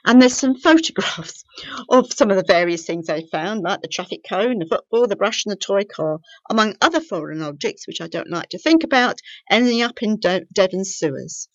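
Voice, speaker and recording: A woman reading local news and closing the programme as its editor, in a clear, measured way. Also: mid-range voice, animated, dry recording. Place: small local studio. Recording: dry, slightly dull studio recording.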